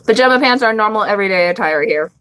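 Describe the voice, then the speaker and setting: A woman's voice: medium pitch, lively intonation, fast, sharp tone, slight background noise. A young woman hosting a casual live stream, chatting bluntly with viewers, swearing freely and laughing often.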